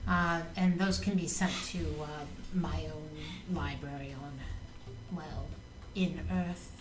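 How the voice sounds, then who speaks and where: A woman's voice: low voice, steady tone, slow pace, roomy sound, far from the mic, over music, rough recording. A woman playing a tabletop game, speaking hesitantly with fillers. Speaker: player.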